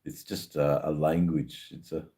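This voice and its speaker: A man's voice: extremely low pitch, little pitch movement, a little slow, warm tone, husky. A man in his fifties with an Australian accent, chatting casually on a live stream, reading out viewer comments with plenty of slang, swearing and ums. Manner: laid-back, swears freely, many ums, uses Aussie slang.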